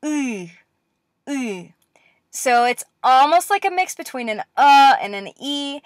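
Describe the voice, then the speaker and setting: A woman teaching a language lesson as a recorded lecture, explaining patiently step by step and leaving pauses for practice. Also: mid-range voice, no echo, studio quality.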